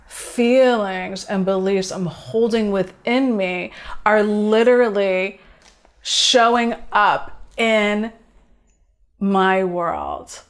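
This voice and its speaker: A woman hosting a spiritual video talk, speaking earnestly and casually as she tells a personal story and thinks aloud. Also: mid-range voice. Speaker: host.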